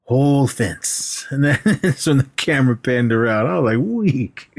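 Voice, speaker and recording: Male podcast co-host, mid-pitch, lively storyteller who acts out scenes. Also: moderate pace. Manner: animated retelling, acting out scenes with laughs. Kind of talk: casual movie chat.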